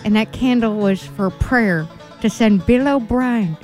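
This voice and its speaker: A woman's voice: fairly high pitch, a little slow, a little mellow, soft background music, natural voice. A woman voicing a prim, middle-aged Southern church lady caller with a sugary, drawling indignation.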